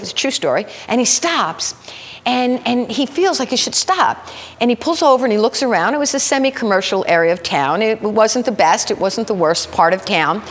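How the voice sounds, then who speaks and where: A woman preaches in a storytelling sermon, her fairly high voice jumping up as she acts out the people in her tales. The sound rings out in a hall with a long reverb tail. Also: slight background noise. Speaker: minister. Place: spiritual center sanctuary.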